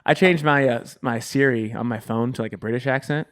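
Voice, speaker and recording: A man's voice: mid-range voice, a little fast, fairly bright tone. A man co-hosting a podcast in casual chat, rambling through his stories with frequent laughs. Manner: rambling, laughs often, many fillers. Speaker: podcast co-host.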